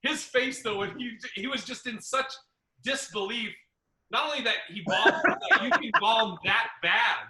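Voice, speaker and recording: Comic podcast host, male: high, piercing voice, cursing storyteller, echoey room. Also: normal speed, very noisy. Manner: profane, animated, acts out other people's lines. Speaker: podcast host and stand-up comedian. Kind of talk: casual storytelling chat. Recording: roomy echo.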